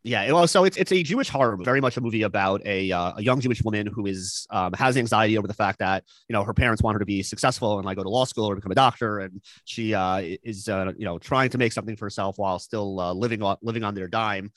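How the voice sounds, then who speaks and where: A man with a fairly low voice talks through film picks in loose podcast chat. He is earnest and halting, full of fillers and restarts. The sound is close and dry. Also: a bit bright, no room sound. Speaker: podcast co-host recommending movies. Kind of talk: casual chat.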